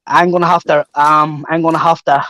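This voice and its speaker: A man's voice: a little high, flat delivery, fairly quick, sharp tone. A man in his thirties with a Northern Irish accent, making a heated, repetitive call-out on a live stream. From Northern Ireland. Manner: threatening, repetitive, keeps adding "mate". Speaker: guest on a live chat stream.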